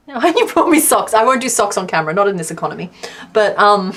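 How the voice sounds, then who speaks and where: A woman chatting casually to her stream from home while she crochets, laughing often and counting stitches out loud. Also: mid-range voice, expressive, fairly quick. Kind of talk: casual livestream chat.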